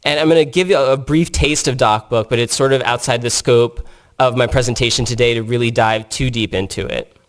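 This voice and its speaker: A man's voice: mid-range voice, fairly quick. Earnest man presenting at a tech conference. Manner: earnest, explanatory, with frequent restarts and fillers. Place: conference room.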